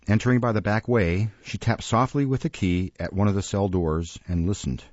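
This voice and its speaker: A man reading a classic novel aloud in a measured, expressive storybook narration, recorded close and dry in a dull lo-fi recording. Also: fairly low pitch, no echo. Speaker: audiobook narrator.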